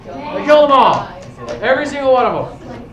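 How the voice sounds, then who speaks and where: A man's voice: very high voice, expressive, brisk, muffled recording, crowd noise. A man teaching a history class, telling a story to his students with frequent restarts. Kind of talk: classroom lecture. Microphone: far camera. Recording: echoey classroom from far off.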